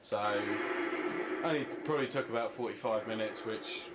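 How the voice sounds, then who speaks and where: A man's voice: on the low side, normal speed, very noisy. A man giving laid-back, offhand commentary on his own gameplay. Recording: loud game music under the voice.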